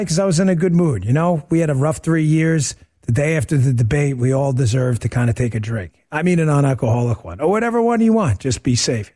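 A man hosting a political podcast, ranting in a joking, animated way and talking to his producer mid-show. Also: mid-range voice. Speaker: podcast host. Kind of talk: casual political rant.

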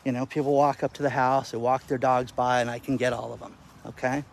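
A male content creator telling stories to camera outdoors in the wind, animated and exasperated. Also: mid-range voice, a little fast, gravelly. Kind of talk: casual vlog rant.

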